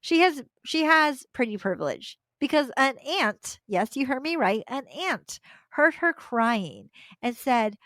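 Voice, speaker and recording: A woman's voice: high voice, big pitch swings, a little slow, fairly bright tone, no echo. A young adult woman, a podcast host, retelling a story casually with slangy asides and frequent laughter.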